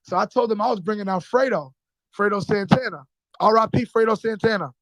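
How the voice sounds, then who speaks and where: Streetwise New rapper, high voice, animated storyteller, close dry mic. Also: male voice, brisk, no echo, poor audio. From New York. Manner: streetwise, profane, acts out voices in his stories. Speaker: rapper guest.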